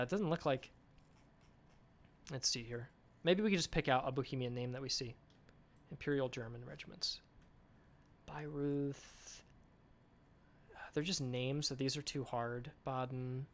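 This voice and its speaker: A man's voice: mid-range voice, fairly even intonation, measured pace, pauses often. Chatty man hosting a dev stream. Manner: reads viewer chat aloud and answers it off the cuff; enthusiastic, chatty. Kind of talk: casual live-stream chat.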